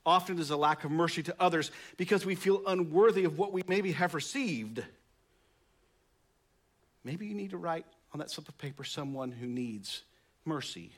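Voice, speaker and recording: A pastor preaching a sermon, reading scripture aloud and then commenting on it conversationally, with emphatic rises. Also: male voice, fairly high pitch.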